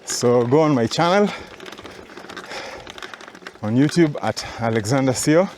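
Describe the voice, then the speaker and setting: A man's voice: medium pitch, lively intonation, a little slow, a little mellow, slight background noise. A man riding a mountain bike route outdoors, out of breath and chatty as he explains each turn and climb. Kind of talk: talking while riding, route commentary.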